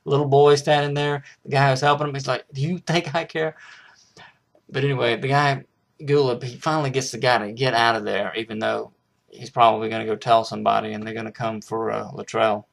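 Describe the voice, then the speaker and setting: A man's voice: mid-range voice, vocal fry. A man casually reviewing a film, rambling with frequent restarts and hesitations.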